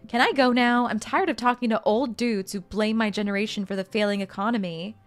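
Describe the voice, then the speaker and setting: A moody teenage boy from a video game, as a woman reads him out, brushing off adults with sarcasm. His voice sits a little high, and faint music plays underneath. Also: a little fast, lightly acted. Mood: sarcastic. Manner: sarcastic, dismissive.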